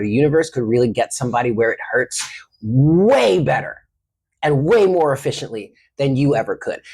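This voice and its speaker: Husky tarot reader, chatty n affectionate, calls u honey, super casual. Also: medium pitch, darkish tone. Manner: affectionate, slangy, reassuring, calls listener honey and baby; chatty with frequent laughs.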